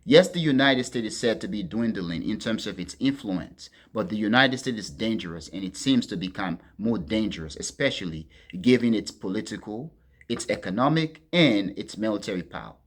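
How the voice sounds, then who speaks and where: A man hosting a political commentary monologue, talking to his listeners as friends in a deliberate, emphatic way and leaning hard on key words. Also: on the low side, lively intonation. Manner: deliberate, addresses listeners as friends, stresses words with sharp swings in loudness.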